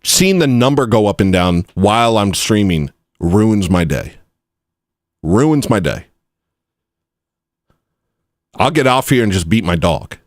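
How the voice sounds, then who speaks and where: Excitable ranting man on a livestream. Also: lowish voice, takes it slowly, pauses often, no echo, studio quality. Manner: excitable, ranting, swings from mumbling to loud outbursts. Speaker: livestream host. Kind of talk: casual livestream rant.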